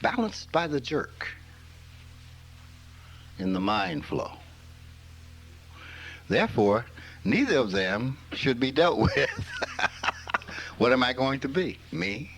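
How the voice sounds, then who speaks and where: A man's voice: medium pitch, big pitch swings, takes it slowly, long pauses, fairly bright tone, slight background noise, rough recording. An older man from rural Mississippi gives an informal spiritual talk, telling stories in a folksy way and chuckling often. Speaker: spiritual teacher.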